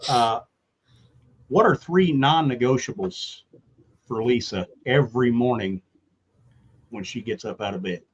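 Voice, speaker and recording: A man's voice: mid-range voice, slightly rough. Older man co-hosting, dull audio. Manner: easygoing, halting with fillers. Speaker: podcast co-host. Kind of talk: casual interview chat.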